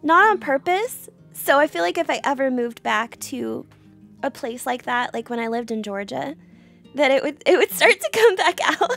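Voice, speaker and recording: A woman from the American South with a mild Southern accent, chatting casually as a streamer, animated, laughing often and restarting her sentences. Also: sits high, moderate pace, creaky, soft background music. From Southern United States. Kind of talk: casual chat.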